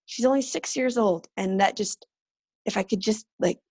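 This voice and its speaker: A woman's voice: mid-range voice, moderate pace, no echo. Earnest woman sharing stories, dry sound. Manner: earnest, animated storytelling with lively quoted voices. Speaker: podcast guest. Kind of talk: casual interview talk.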